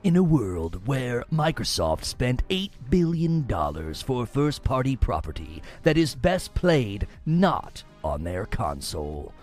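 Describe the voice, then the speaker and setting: A man putting on a deep, dramatic movie-trailer announcer voice, drawn out slowly. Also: sing-song, a little mellow, soft background music. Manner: slow, booming trailer delivery.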